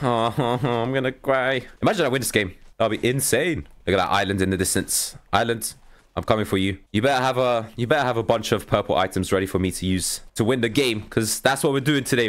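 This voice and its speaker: With a medium-pitched voice, a young gaming YouTuber narrates his own gameplay live for his audience. He's excitable throughout and now and then erupts in exasperation.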